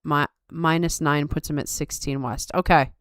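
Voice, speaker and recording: A woman's voice: deep voice, fairly even intonation, normal speed, fairly bright tone, smooth, dry recording, studio quality. A woman hosting a casual live-stream chat, upbeat and chatty, reading comments aloud, tired late at night. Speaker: podcast host.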